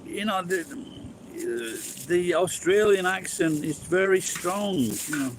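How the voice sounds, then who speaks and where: A man's voice: sits high, animated, slow pace, noisy background. A man from Sheffield with a strong Yorkshire accent, chatting loosely with viewers in a rambling, sweary way and laughing often. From Sheffield, England. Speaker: vlogger chatting with live viewers. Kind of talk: casual chat. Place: outdoors on a street.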